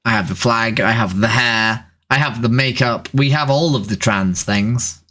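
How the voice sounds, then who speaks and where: Trans woman streamer, husky voice, jokey and teasing, chatting w strangers. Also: extremely low pitch, measured pace. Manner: teasing, joking, animated. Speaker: livestream host chatting with strangers. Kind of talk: casual chat. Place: home room, seated at camera.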